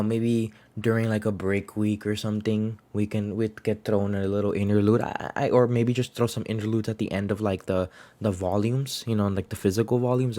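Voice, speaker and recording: A young man with a somewhat low voice chats his way through a comic review. He restarts sentences often and keeps it loose and unpolished. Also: a little mellow. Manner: rambling, chatty, frequent restarts and laughs. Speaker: manga reviewer. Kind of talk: casual video review.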